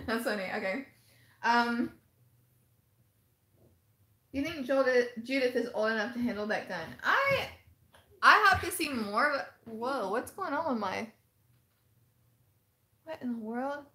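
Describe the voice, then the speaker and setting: A chatty woman hosts a casual live stream and answers viewer comments as they come in. Her voice is bright and a little high, and she laughs easily. The sound is roomy, with echo from the space around her. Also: unhurried, long pauses. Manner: chatty, animated, laughs often, reads out chat comments.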